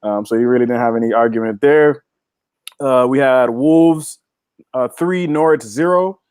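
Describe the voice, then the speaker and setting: A man's voice: mid-range voice, moderate pace, a little mellow, clean tone, dry recording. A man co-hosting a casual sports podcast, recapping scores in a laid-back way with lots of fillers. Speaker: podcast co-host.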